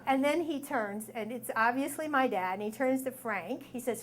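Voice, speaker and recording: Lively woman telling a story on stage. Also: on the high side, normal speed. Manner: lively, acts out quoted voices with sudden screams. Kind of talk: live story slam telling. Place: stage before a live audience.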